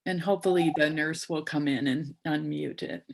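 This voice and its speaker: A woman hosting a memorial on a video call, polite and a little halting, with many fillers as she manages the call. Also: sits low, fairly even intonation, gravelly. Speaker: memorial host.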